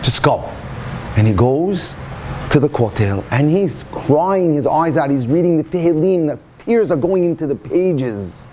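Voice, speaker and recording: Animated storytelling rabbi. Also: male voice, a little high, a little slow, a little hiss or hum. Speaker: rabbi and lecturer. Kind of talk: passionate storytelling talk.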